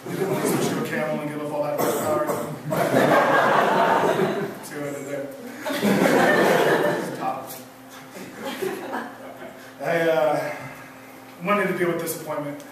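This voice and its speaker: A man doing a stand-up comedy set, trading deadpan one-liners and self-mocking asides from a club stage. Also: fairly high pitch, slow, long pauses. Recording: echoey club room from far off, noisy.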